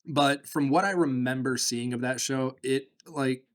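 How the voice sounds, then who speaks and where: A man's voice: mid-range voice, a little slow. Laughing, foul-mouthed man on a podcast. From Michigan. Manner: profane, rambling, laughs often. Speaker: podcast co-host. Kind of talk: casual podcast banter.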